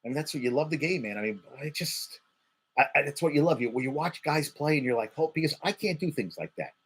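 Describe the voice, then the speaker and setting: A man's voice: fairly high pitch, animated, fast, husky. A man hosting a casual sports talk show, rattling off stats, getting heated and swearing, repeating words for emphasis. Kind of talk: casual sports commentary monologue.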